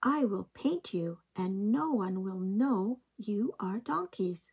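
A woman reading the lines of a kindly wise old man in a picture book, speaking slowly and deliberately. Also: medium pitch, animated, creaky, darkish tone, slightly rough, muffled recording, heavily acted. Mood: earnest. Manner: slow, deliberate storytelling voice.

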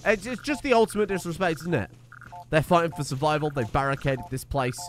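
A man's voice: a little high, fairly quick, soft background music. A man giving wry, chatty let's play commentary, swearing casually. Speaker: gaming streamer.

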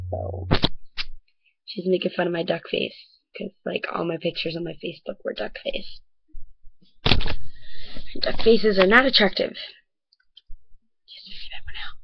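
A teenage girl vlogging casually in a rambling way, full of fillers and often dropping to a soft near-whisper. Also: lowish voice, dull audio. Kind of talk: casual bedroom vlog.

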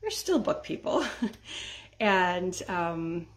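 A middle-aged decluttering vlogger talks casually in a fairly low voice with big pitch swings and drawn-out words. She laughs between lines and keeps checking in with viewers using "right?" and "okay?"

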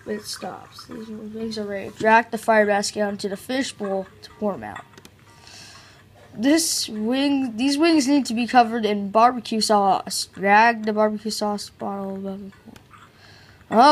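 A woman's voice: medium pitch, fairly even intonation, measured pace, husky. A woman doing casual let's-play commentary, joking around and reading on-screen tutorial text aloud. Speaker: gameplay commentator.

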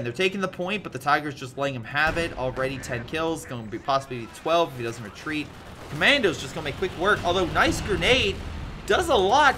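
A man giving chatty, animated play-by-play commentary on a strategy game replay, with lively asides to his viewers. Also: a little high, background noise. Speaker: video game replay caster.

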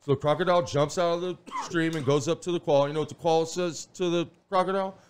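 A man's voice: fairly high pitch, fairly even intonation, fast talker, slight background noise. A man chatting casually as a podcast guest, rambling and telling crude stories. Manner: rambling storyteller, crude humor.

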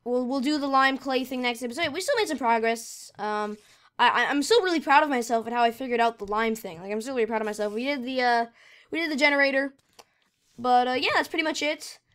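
A woman's voice: on the high side, fast talker, fairly bright tone. A woman casually commenting while she plays a video game, rambling and getting frustrated with lag. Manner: rambling, easily frustrated, talks to herself. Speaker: gamer.

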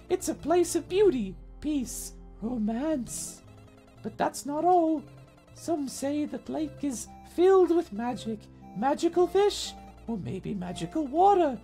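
A man voicing a dreamy, rambling old village woman in a very high falsetto. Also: dark tone, exaggerated voice.

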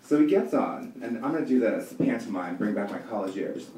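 On a comedy club stage before a live audience, a man in his thirties rants through a stand-up set, exasperated and profane. His fairly low voice is expressive and brisk. The echoey room, distant mic and loud laughter add heavy background noise.

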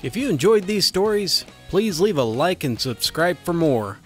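A man narrating a submitted first-person story aloud, with a steady reading delivery and dry sarcastic asides. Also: a little high, moderate pace, faint music behind.

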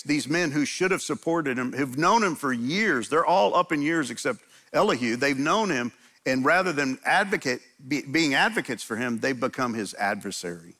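Male pastor, sermon delivery, gravelly and bright, earnest, repeats himself while acting out prayers. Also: medium pitch. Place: church, men's gathering.

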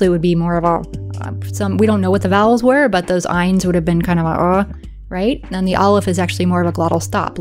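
A woman with a mid-range voice hosts an educational video, explaining things patiently and clearly and often checking in with the viewer.

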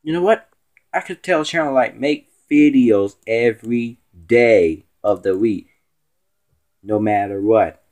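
Lively slow-talking young man ranting. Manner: rambling and teasing, with swooping pitch. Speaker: stand-in show host. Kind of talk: casual rambling vlog rant.

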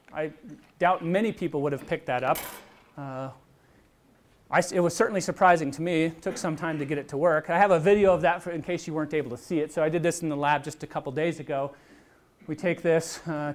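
A middle-aged man lecturing on physics in a lecture hall, explaining step by step in a conversational way with little asides. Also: on the high side. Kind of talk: university lecture with live demonstration.

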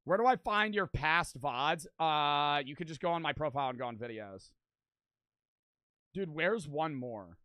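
A man in his twenties talks to his stream in a loose, rambling way, swearing freely and leaning on "like". His voice sits high and bright. It is recorded close and dry, with no room sound. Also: animated, unhurried, no room sound. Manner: rambling, swears a lot, fills with "like". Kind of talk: casual stream chat.

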